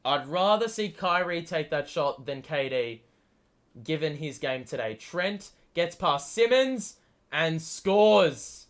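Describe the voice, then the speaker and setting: A man's voice: fairly high pitch, takes it slowly. A man hosting a live basketball watchalong stream, giving play-by-play and swearing freely as he argues with the players. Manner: excitable, swears often, talks back at the players. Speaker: host. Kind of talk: live sports watchalong commentary.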